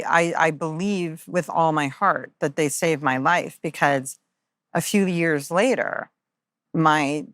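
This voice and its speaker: A woman with a low voice speaks earnestly and openly in an interview, often pausing on fillers as she works through a personal story. The sound is dry and close. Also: fairly bright tone, no echo. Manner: earnest, confessional, many fillers. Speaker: guest.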